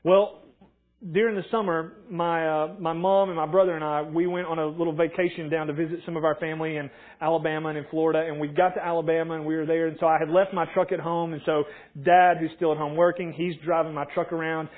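A man preaching a conversational sermon, telling stories and acting out quotes in an animated way. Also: fairly high pitch, quick pace, phone-quality sound. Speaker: pastor.

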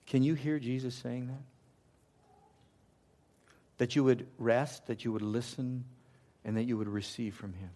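A man preaching a sermon, swinging from loud emphatic lines to hushed, intimate ones. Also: mid-range voice, steady tone, a little slow, long pauses. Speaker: pastor.

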